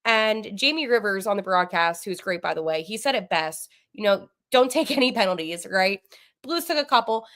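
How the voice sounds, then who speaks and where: A woman hosting a live sports podcast from home, gushing and flustered, breaking into fast asides full of fillers as she chats through the game. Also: medium pitch, animated, fairly bright tone. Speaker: podcast host. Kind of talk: excited live post-game sports chat.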